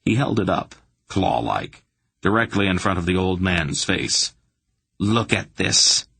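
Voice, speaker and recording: A male audiobook narrator with a low, husky voice, telling the story in a steady, measured way. The recording is close and dry, with no room sound. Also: no echo. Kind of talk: scripted narration.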